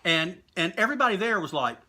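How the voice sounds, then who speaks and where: A man telling animated, profane stories as an interview guest, acting out what others said. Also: sits high, fast talker. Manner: animated, profane, acts out quotes in raised voices. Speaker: guest, longtime wrestling fan. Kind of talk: casual storytelling interview.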